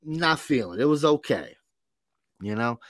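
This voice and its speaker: A man's voice: medium pitch, expressive, normal speed, dry recording, studio quality. Rambling casual male podcast co-host. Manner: rambling, filler-heavy, profane. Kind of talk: casual chat.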